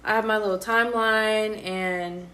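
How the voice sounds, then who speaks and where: Lively young woman telling her story. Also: medium pitch, unhurried. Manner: lively storyteller, slangy, acts out quotes. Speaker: interviewee, college student. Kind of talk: casual chat.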